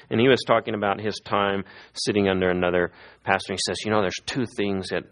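A middle-aged pastor with a lowish, fairly quick voice preaches a sermon full of lively stories, acting out the people he quotes.

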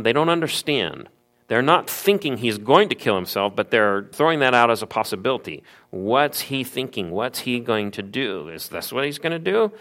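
A man's voice: fairly low pitch, a bit bright. A man preaching an expository sermon, explaining the passage with rhetorical questions. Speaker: pastor.

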